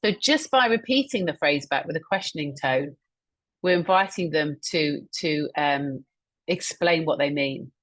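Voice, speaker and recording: A woman's voice: low voice, measured pace, a bit bright. A woman presenting an instructional webinar on a video call, speaking in an encouraging way and explaining points through examples she repeats back. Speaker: webinar presenter and communication trainer.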